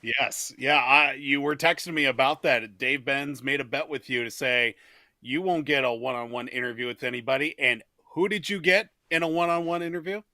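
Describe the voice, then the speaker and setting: Male sports talk host, bright and forceful tone, dry sound; relaxed, asks short leading questions. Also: medium pitch, moderate pace, no echo. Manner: easygoing interviewer prompting the guest with short reactions.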